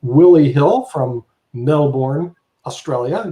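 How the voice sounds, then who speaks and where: A man's voice: medium pitch, moderate pace, roomy sound, noisy background. A man hosting a live online panel, introducing guests with jokes and rambling, repeated words. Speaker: show host.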